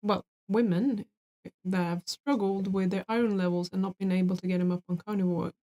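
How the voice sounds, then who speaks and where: A woman's voice: mid-range voice, steady tone, fairly quick, mellow. Frank woman reading viewer questions. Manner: frank, casual, swears offhand. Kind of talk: live Q&A chat.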